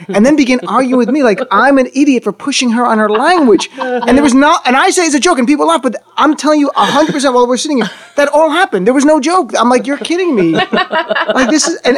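A man in casual conversation, telling animated stories and acting out the people in them. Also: extremely high pitch. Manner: animated storyteller, acts out quotes. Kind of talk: casual chat.

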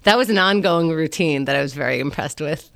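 A woman's voice: low voice, brisk, creaky, no echo, clean studio sound. A woman co-hosting a comedy podcast, teasing her partner and laughing often. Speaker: podcast co-host. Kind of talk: casual comedy chat.

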